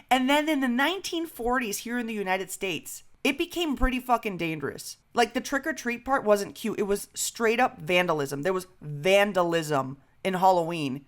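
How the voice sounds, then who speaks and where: A young woman co-hosts a casual podcast in an animated, joking way, swearing freely as she tells stories. Her pitch sits in a middle range for a woman. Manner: animated, swearing, jokey storytelling. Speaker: podcast co-host. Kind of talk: casual chat.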